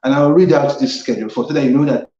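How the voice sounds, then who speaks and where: A man's voice: medium pitch, fast talker, mellow. Earnest Nigerian man hosting, roomy sound. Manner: earnest, repeats phrases for emphasis. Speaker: host. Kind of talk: civic talk show, explaining the constitution. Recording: roomy, slightly dull sound.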